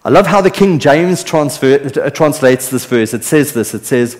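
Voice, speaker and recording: A male pastor preaching, his voice ringing with a long reverb through a large hall. He talks earnestly, building to loud, excited peaks and then falling to soft, hushed lines. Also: mid-range voice, moderate pace, few pauses. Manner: earnest, animated storytelling with swings between loud and soft. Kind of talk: sermon.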